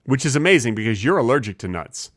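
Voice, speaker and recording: Male podcast co-host, deadpan absurdist, mid pitch, dry booth sound. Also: fast, no echo. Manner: deadpan, absurd rambling jokes. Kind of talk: casual comedic chat.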